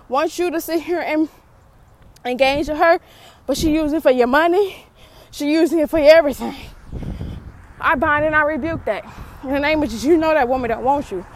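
Breathless high-voiced woman preaching. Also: normal speed, a little hiss or hum, rough recording. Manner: fervent, repetitive rebuking prayer, casual slang. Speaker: vlogger preaching to viewers. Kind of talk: informal preaching and prayer.

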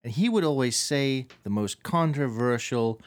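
A man from South Africa co-hosting a podcast, telling stories with lively energy and stumbling restarts. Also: medium pitch, normal speed. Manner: lively storytelling, repeats words when starting. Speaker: podcast co-host. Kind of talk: casual chat.

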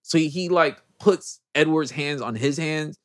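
A man hosting a podcast, recapping a movie in a casual, animated, slangy way. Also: a little high, a little slow. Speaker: podcast host.

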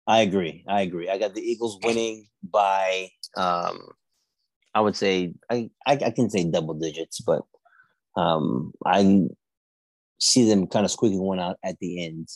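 Male sports podcast co-host with a low voice, casual, steers the talk. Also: unhurried, dry recording. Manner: steady, leads the picks and wraps up the show.

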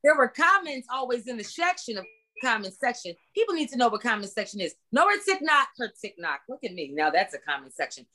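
A woman's voice: on the high side, very animated, a little fast, pushed and bright. A woman co-hosting a casual podcast, speaking emphatically and repeating herself for punch. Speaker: podcast co-host and comedian.

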